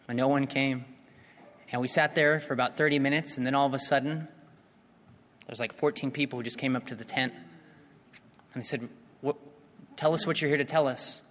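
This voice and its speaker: A man's voice: mid-range voice, fairly bright tone. A man preaching an evangelistic sermon, earnest and repeating himself, rising into impassioned appeals. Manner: repeats and restarts phrases. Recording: long reverb of a hall.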